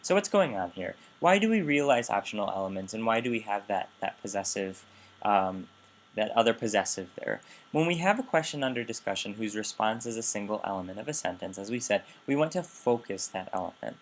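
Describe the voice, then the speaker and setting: A man's voice: lowish voice, lively intonation, fairly quick. A man giving a recorded linguistics lecture, explaining carefully and often correcting himself mid-sentence. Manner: explanatory, with frequent restarts and self-corrections.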